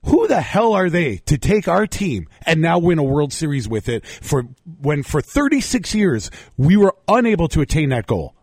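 A hoarse man from Montreal, losing his voice, passionately ranting as co-host of a casual sports chat. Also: on the high side, sing-song, normal speed, few pauses, a little mellow, dry recording, clean studio sound. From Montreal, Canada. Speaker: podcast co-host.

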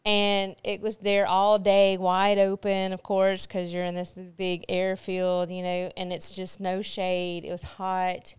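A woman's voice: mid-range voice, completely flat delivery, a little slow, few pauses, smooth, dry recording. A woman co-hosting a casual chat, telling stories with lots of fillers and laughter. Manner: chatty storyteller, frequent fillers and laughter. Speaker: podcast co-host.

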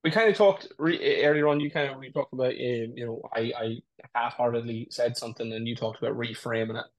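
A man's voice: mid-range voice, steady tone, fast. A man co-hosting a podcast, talking reflectively and often starting with "it's like, listen". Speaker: podcast co-host. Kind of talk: casual chat.

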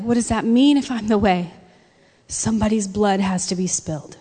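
A woman preacher giving a sermon with animated storytelling, acting out quotes. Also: medium pitch, normal speed, slightly rough. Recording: long reverb of a large hall.

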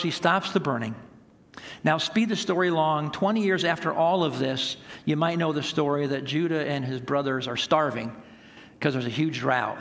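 A man's voice: on the high side, a bit bright, big-room sound. A man preaching a sermon as pastor, telling stories in an earnest, emphatic way.

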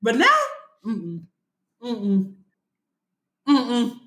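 A man's voice: very high voice, animated, very slow. Young man rambling in an echoey room. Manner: slangy, rambling, laughing. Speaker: podcast co-host. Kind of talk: casual podcast chat.

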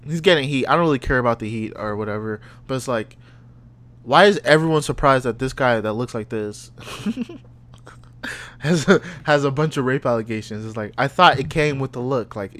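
A man's voice: medium pitch, normal speed. A young man casually telling a story on a podcast, acting out the people in it and laughing often. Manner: animated, acts out voices in anecdotes, laughs often.

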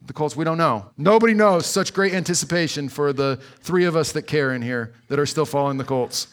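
A man preaching a sermon in an earnest, conversational way, slowing down for emphasis. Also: on the high side. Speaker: pastor.

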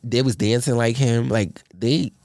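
A man hosting a casual podcast, telling animated, profane stories with loud exclamations. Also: medium pitch, measured pace, dry recording. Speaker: podcast host. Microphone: studio mic.

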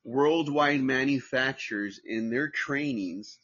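Podcast host from Southern California, middle-aged man, husky and dull-sounding, rambling and profane. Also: mid-range voice, slow pace, a bit bright. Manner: rambling, profane, restarts often. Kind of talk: casual livestream podcast chat.

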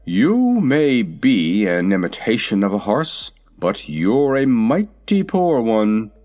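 A man voicing a boastful old male cab horse in a storybook, slow, loud and pompous. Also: lowish voice, sing-song. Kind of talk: storybook character voice.

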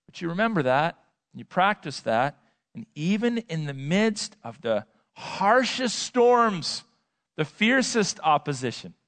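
A male pastor preaching a sermon, emphatic, swinging between loud and quiet and repeating words for effect. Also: on the high side, big pitch swings, a little slow. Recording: long hall reverb.

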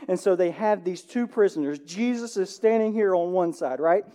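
A man pastor preaching a sermon, animated, swinging between loud emphasis and hushed passages, often asking the room "right?". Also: sits high, moderate pace. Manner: conversational, asks the room "right?".

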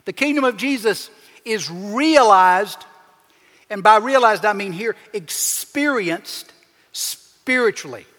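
A man preaching a sermon as pastor, with emphatic swings in pitch and loudness as he acts out the people he quotes. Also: lively intonation, takes it slowly. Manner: preaching with emphatic shifts, acting out quoted voices. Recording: long hall reverb.

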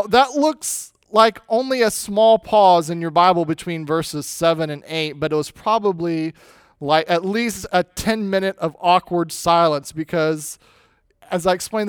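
A man preaching a sermon in a smooth, resonant voice that sits somewhat high for a man. He swings from loud, pressing emphasis down to low, slowed words. The sound is close and dry, with no room around it. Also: no echo. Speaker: pastor.

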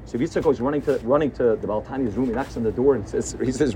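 A man giving a sermon as a rabbi, telling a story in an animated way and sprinkling his speech with Yiddish and Hebrew words. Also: medium pitch, fast, few pauses, slight background noise.

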